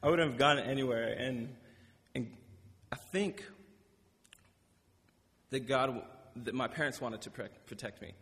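A man's voice: medium pitch, measured pace, long pauses, fairly bright tone. A young man giving an informal sermon, reading scripture and then telling stories in a casual, rambling way that often corrects itself. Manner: casual, rambling, self-correcting, laughs between points. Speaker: preacher. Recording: long reverb of a hall.

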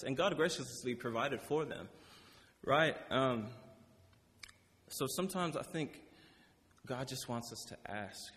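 A man's voice: mid-range voice, unhurried, a bit bright. Young man preaching in an echoey hall. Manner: casual, rambling, self-correcting, laughs between points. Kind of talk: informal sermon with scripture reading. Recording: long reverb of a hall.

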